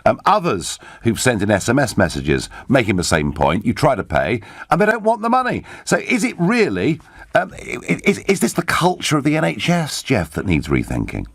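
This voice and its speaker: A man hosting a radio phone-in show, lively and quick to stammer into his points. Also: medium pitch, husky, dry recording. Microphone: studio microphone.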